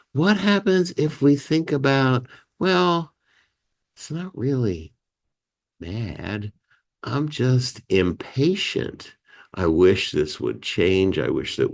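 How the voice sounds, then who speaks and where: A man's voice: lowish voice, gravelly. A man hosting a community meeting, teaching about feelings in a conversational way and acting out emotion words. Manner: animated, acts out emotion words with gasps and sighs; conversational, many "you know" and "right". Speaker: meeting host and life skills teacher.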